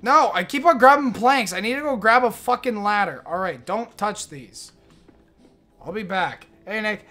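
A man's voice: high voice, animated, moderate pace, bright, forceful tone, soft background music. A young man streaming games, chatting casually with his viewers in a rambling, profane, joking way. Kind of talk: casual livestream chat while gaming.

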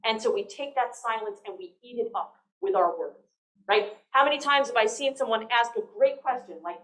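A woman giving a lively, conversational public lecture on negotiation, often checking in with the audience. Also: a little high, brisk. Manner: lively, conversational, frequent "right?" tags. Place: lecture hall. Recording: echoey lecture hall.

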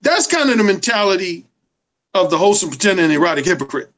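A man's voice: sits high, big pitch swings, quick pace, fairly bright tone, poor audio. A man being interviewed as a dating coach, lecturing emphatically and swearing freely. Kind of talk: casual interview.

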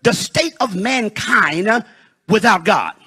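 A pastor from Detroit preaching a sermon in a church, rising into shouted, sung peaks and slowing for emphasis. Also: male voice, high-pitched, animated, breathy edge. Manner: preaching with shouted, sung rises and dramatic slowdowns. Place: church sanctuary.

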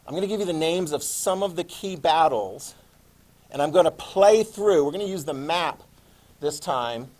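A male history teacher lecturing a classroom in a playful, animated way, adding sound effects. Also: on the high side, moderate pace.

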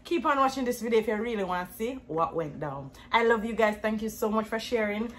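A woman with a Jamaican accent, vlogging from home in a casual, excitable way, who also prays aloud. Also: on the high side, brisk, a little hiss or hum. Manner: prayerful, then excited and loud.

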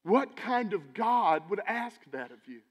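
Animated preacher, high voice, church hall reverb. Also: male voice, a little slow. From Texas. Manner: animated, preachy, swings between loud emphasis and quiet asides. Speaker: pastor. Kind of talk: sermon. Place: church sanctuary.

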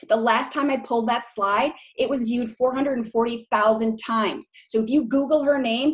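Chatty Minnesota-accented woman presenter. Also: a little high. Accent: Minnesota, long O's. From Minneapolis, Minnesota, USA. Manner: frank, chatty, keeps asking the audience "right?". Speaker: presenter on brand building for real estate agents. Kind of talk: live presentation to an audience.

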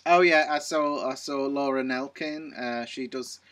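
A man's voice: mid-range voice, steady tone, a little slow, fairly bright tone. A man chatting casually as a vlog guest, rambling with frequent restarts. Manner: hesitant, rambling, full of restarts. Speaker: guest, co-host. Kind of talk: casual chat.

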